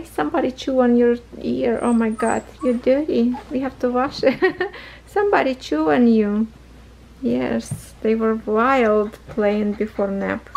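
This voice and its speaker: A woman casually chatting at home in a craft vlog, slipping into high baby talk with her puppies, her English a little non-native. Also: unhurried, vocal fry, background noise. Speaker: cross-stitch vlogger.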